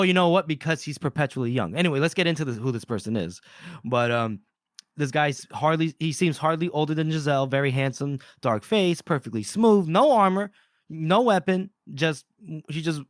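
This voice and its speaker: A man's voice: a little high, moderate pace, no room sound. Dry-sounding man, chatty podcast host. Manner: laughing, acts out quotes with animated voices. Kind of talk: casual book discussion.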